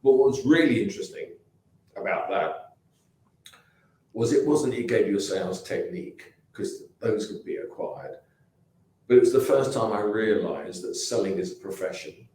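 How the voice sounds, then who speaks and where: A man's voice: lowish voice, moderate pace, mellow. Echoey English man in his sixties, rambling. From England. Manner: rambling anecdotes, frequent restarts and asides. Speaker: company founder guest. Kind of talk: casual interview talk. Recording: very echoey room.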